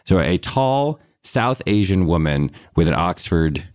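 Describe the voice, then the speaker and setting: A man's voice: low-pitched, very animated, unhurried, clean tone, no room sound. A man chatting casually as a podcast guest, telling stories with frequent restarts. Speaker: guest, TV writer and producer.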